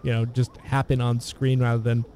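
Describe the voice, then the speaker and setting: Mellow-voiced man rambling about films. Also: mid-range voice, flat delivery, slight background noise. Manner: rambling, halting, many restarts and fillers. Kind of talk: casual film discussion.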